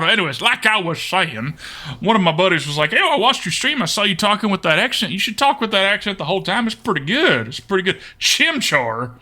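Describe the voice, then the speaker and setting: A man's voice: high voice, very animated, brisk, bright, forceful tone. A man streaming a card game in a playful put-on Texan drawl, joking with his chat and laughing often.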